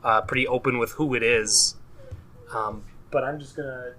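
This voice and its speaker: A man's voice: mid-range voice, normal speed, pushed and bright, rough recording. A man co-hosting a podcast, chatting casually and easygoing, with frequent fillers. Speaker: podcast co-host. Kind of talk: casual chat.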